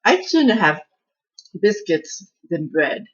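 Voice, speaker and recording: Slow-talking husky woman cooking at home. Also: medium pitch, very animated, muffled recording. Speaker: home cooking channel host. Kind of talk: casual cooking vlog chat.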